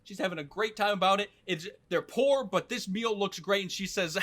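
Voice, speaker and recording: A young man hosting a podcast, recapping an anime story in a casual, animated way, briefly acting out characters and swearing. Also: high voice, normal speed.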